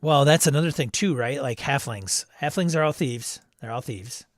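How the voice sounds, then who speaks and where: Speaking at medium pitch and a moderate pace, a livestream host casually reads viewer comments aloud and laughs frequently. The audio is clean studio sound without echo.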